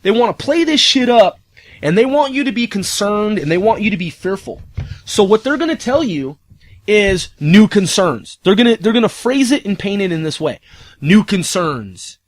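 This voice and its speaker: A man's voice: high voice, lively intonation, a little fast, no echo. A man giving a casual, profane ranting commentary, firing off rhetorical questions.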